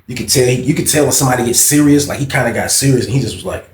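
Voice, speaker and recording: A man's voice: medium pitch, rapid-fire, echoey room, slight background noise. A man telling a casual, slangy, profane story, often repeating himself.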